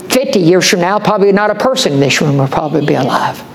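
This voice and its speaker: A man's voice: sits high, animated, quick pace, creaky, poor audio. A man preaching a sermon as pastor, impassioned, folksy and repetitive.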